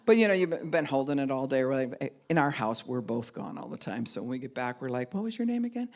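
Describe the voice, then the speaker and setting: A woman's voice: a bass voice, fairly quick, darkish tone. A middle-aged woman pastor giving a conversational teaching talk, speaking candidly and frankly and acting out the voices of people she quotes.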